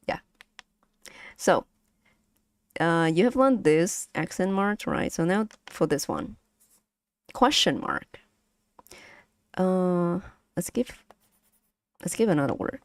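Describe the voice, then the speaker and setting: Casual streamer, woman, patient lesson delivery, unhurried, dead dry close sound. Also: on the low side, animated, no echo. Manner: slow, patient, breaks into sung syllables and laughs. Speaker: streamer teaching Vietnamese.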